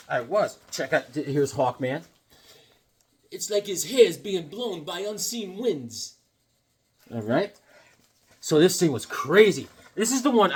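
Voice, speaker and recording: A comic vlogger talks casually about comics in a slightly high, gravelly, husky voice with a bit of brightness. He rambles, jokes, drifts from topic to topic and puts on silly voices.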